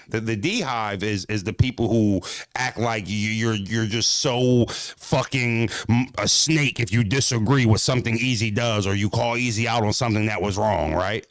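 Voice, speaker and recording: Man, Philadelphia accent, livestream rant, swears a lot, animated, medium pitch, dry close sound. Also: no echo. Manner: profane, animated, emphatic. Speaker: streamer.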